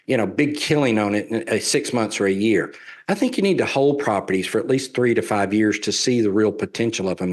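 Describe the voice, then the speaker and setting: A man with a Southern US accent giving a sales presentation on real estate investing, folksy and persuasive, repeating his key points. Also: mid-range voice.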